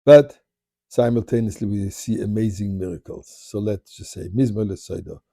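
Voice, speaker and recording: A man, a rabbi, telling a personal story in an animated way, rattling off Hebrew prayer quickly in places. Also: on the low side, no room sound, clean studio sound. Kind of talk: spoken storytelling. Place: Montreal.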